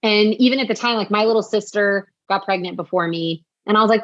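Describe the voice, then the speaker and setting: A woman's voice: medium pitch, a little fast, few pauses, dry recording, highs cut off. A woman in her forties, a podcast guest, candidly telling a personal story in a heartfelt way, full of fillers. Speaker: podcast guest, author and speaker.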